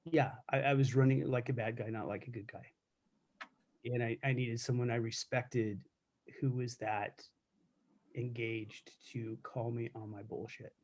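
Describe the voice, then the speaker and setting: A middle-aged man with a mellow, warm tone tells stories in an easy, casual way. He is candid and wry, swears freely, and often restarts a sentence before he goes on. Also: medium pitch, steady tone, measured pace. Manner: candid, profane, wry storytelling with many restarts. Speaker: self-defense instructor recounting corrections work. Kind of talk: casual storytelling on a live chat.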